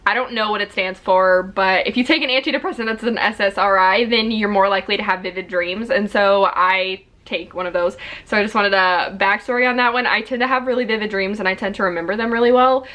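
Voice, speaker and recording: A woman's voice: mid-range voice, fairly quick, few pauses, fairly bright tone. A woman in her twenties telling a story to camera in a chatty, rambling way, full of fillers and self-corrections. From South Carolina. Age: 20s. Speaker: vlogger.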